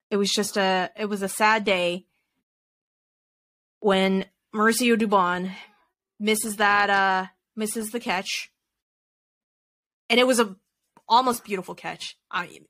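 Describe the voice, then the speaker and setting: A woman with a mid-range, slightly bright voice co-hosts a podcast. She chats casually about baseball, laughing along and rambling with frequent restarts.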